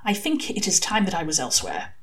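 A woman's voice: medium pitch, big pitch swings, brisk, a bit bright. A woman voicing an uneasy, fussy man in a storybook reading, speaking in clipped, uncomfortable phrases.

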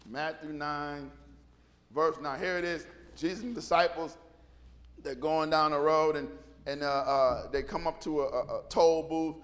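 High-voiced folksy preacher in a reverberant hall. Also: male voice, a bit bright. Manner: folksy storytelling, acting out Bible figures in casual slang. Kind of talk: sermon.

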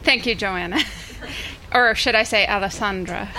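A woman's voice: mid-range voice, normal speed, crowd noise. A woman hosting a live reading, chatty and laughing easily as she introduces the next author. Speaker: event host. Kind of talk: introducing readers at a live event.

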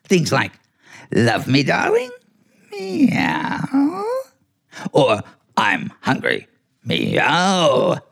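A man's voice: fairly high pitch, huge pitch swings, drawn-out words, gravelly, long pauses, fairly bright tone, husky, heavily acted. An actor playing a clever, bossy talking male house cat in a 1940s radio play, smug and theatrical. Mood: scheming.

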